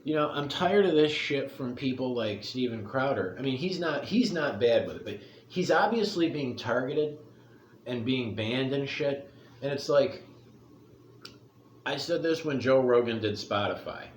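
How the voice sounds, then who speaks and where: A man's voice: medium pitch, lively intonation, measured pace, slight background noise. Blunt, rambling middle-aged man in an echoey room. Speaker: commentary vlogger. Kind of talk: casual opinion rant.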